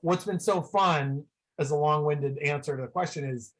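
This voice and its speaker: A man from the San Francisco Bay Area, a guest on a video call, telling rambling, excitable stories full of "like" fillers. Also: fairly high pitch, moderate pace. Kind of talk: casual storytelling.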